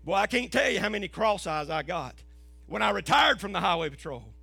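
A middle-aged man, preaching an impassioned sermon as a pastor and rising to shouts. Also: high-pitched, very animated, a little fast, creaky, breathy edge, dry recording, faint music behind.

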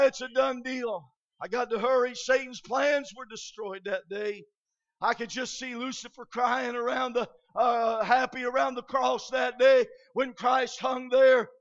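High-voiced shouting preacher from Michigan. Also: male voice, gravelly. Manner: shouted, impassioned preaching with frequent "uh" fillers. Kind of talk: revival sermon. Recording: dull lo-fi recording.

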